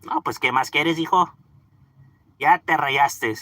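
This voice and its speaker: A man chatting casually, mixing English and Spanish, animated and profane. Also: fairly high pitch, a little slow. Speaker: livestream host. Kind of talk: casual chat.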